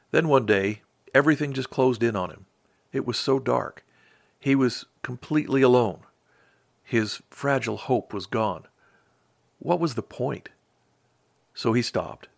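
Gravelly, measured male storyteller. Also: lowish voice, a bit bright, no echo. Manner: slow, measured, reflective. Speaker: narrator. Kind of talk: storytelling narration.

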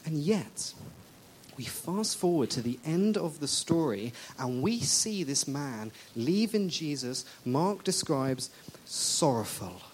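A preacher delivers a sermon in a lively, conversational way, turning often to the congregation with questions. Quoted speakers get acted out with big jumps in pitch and loudness. A faint hiss sits under the voice. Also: slow. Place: church service.

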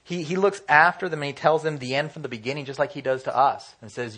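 A man's voice: fairly high pitch, fast, hardly any pauses, a bit bright, husky. A man preaching a casual, conversational sermon, often acting out what people say and filling his talk with "you know". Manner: conversational, acts out quoted voices, many fillers.

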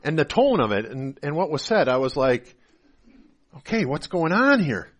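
Higher-voiced preaching pastor, loud to hushed. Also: male voice, big pitch swings, normal speed. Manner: swings between loud emphatic preaching and quiet confessional asides; acts out voices of people he quotes. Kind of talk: sermon.

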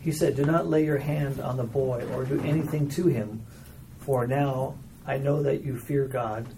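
A man in a class reading scripture aloud, slow and measured. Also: medium pitch, steady tone, gravelly. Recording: noisy room audio.

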